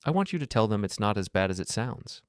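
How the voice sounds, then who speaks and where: A man's voice: fairly low pitch, sing-song, fast, clear, resonant tone, no room sound, clean studio sound. A man voicing a distraught young wife in a story reading, pleading and defensive.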